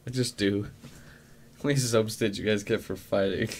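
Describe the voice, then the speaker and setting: A man's voice: on the low side, fairly even intonation, normal speed, slight background noise. A young man co-hosting a casual stream chat, joking crudely and laughing often. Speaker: co-host.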